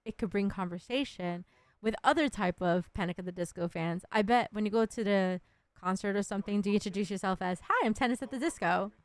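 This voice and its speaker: A woman hosts a relaxed interview over a video call, friendly, giggly and loose in phrasing. Her voice is smooth and mid-pitched, recorded close and dry. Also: a little fast, no echo. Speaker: podcast host. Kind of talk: casual interview.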